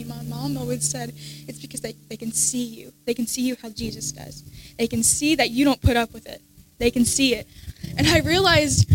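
A teenage girl speaks in church with a high, light voice, sharing an emotional personal testimony. She stumbles and restarts often, her voice dropping soft in places. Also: low-quality recording. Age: teens. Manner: halting, many restarts, soft at times. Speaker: congregant giving testimony.

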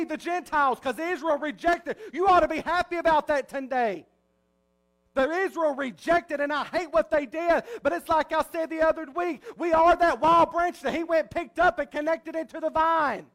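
A male pastor preaching a sermon, swinging between soft, low passages and loud, rising ones.

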